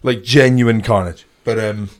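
A man's voice: lowish voice, fairly even intonation, unhurried. A young Scottish man, a comedian co-hosting a podcast, rambling and swearing in casual banter. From Scotland. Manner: rambling, swears freely, restarts a lot.

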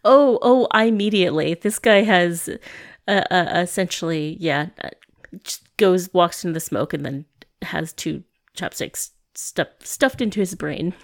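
A woman's voice: lowish voice, a little slow. A woman co-hosting a podcast in casual chat, talking hesitantly with many fillers and restarts. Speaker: podcast co-host. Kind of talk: casual chat reviewing a film.

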